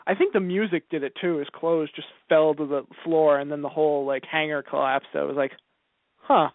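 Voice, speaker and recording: A man's voice: a little high, fairly even intonation, brisk, no echo. A man co-hosting a podcast, chatting casually with a wry, joking manner. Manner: wry, joking, laughs often. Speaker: podcast co-host. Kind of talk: casual chat. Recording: phone-like lo-fi audio.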